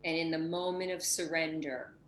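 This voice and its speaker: A woman's voice: low voice, steady tone, normal speed, roomy sound, slight background noise, rough recording. A woman hosting a heartfelt spiritual conversation over a video call, speaking emotionally and acting out inner voices. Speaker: host.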